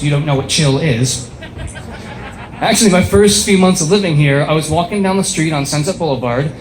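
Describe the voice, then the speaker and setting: A young man with a high voice delivers a deadpan, self-deprecating stand-up set through a face mask. He is on a small bar stage before a live audience. The room is echoey, with faint ambience behind him. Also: a little hiss or hum. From upstate New York. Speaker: stand-up comedian. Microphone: speaking through a face mask.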